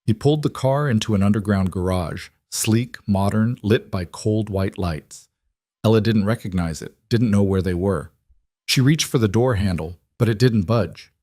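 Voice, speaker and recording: A man with a low voice reads a romance story aloud in a measured, dramatic way. The sound is dry and close. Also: warm tone, no room sound. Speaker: narrator. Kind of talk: scripted story narration.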